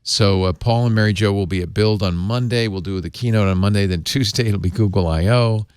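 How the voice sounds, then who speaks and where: A man hosting a casual tech podcast, animated and often laughing, his voice jumping up when excited. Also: on the low side, brisk, clean tone, no room sound, studio quality. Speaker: podcast host.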